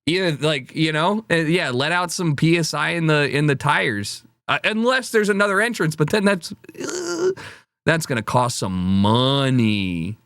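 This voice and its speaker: Male streamer, slightly high voice, rambling and profane, dry sound. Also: animated, normal speed, hardly any pauses, a bit bright, dry recording. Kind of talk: casual reaction commentary.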